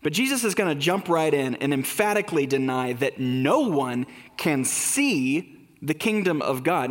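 A man's voice: fairly high pitch, lively intonation, normal speed, in a large hall. A man preaching a sermon in a conversational way, asking rhetorical questions. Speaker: pastor.

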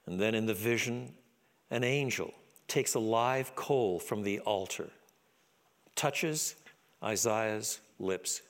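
A man preaching a sermon in an expressive, dramatic way, dropping low and quiet for solemn lines.

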